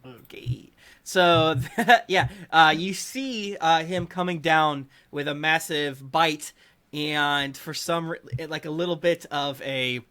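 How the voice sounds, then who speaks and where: A man's voice: a little high, slow, pushed and bright. A man running a tabletop game as dungeon master, narrating playfully with lots of fillers. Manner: playful, rambling, with many fillers.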